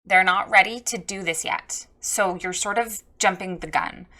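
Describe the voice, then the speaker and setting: A woman's voice: medium pitch, a little slow, sharp tone. A woman coaching a photographer on her website in a casual spoken critique, frank and direct.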